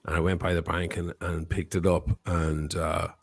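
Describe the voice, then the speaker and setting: A man's voice: sits low, flat delivery, normal speed, gravelly, slightly rough. A man hosting a watch channel, telling a casual, profane anecdote on a live stream and acting out the quotes of the people in it.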